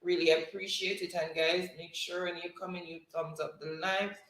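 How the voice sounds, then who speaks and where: A woman's voice: fairly low pitch, flat delivery. A woman hosting a livestream, reading chat messages aloud and calling out spelling words one at a time. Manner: warm thanks, slow word-by-word calling of spelling words. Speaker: livestream host. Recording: roomy echo.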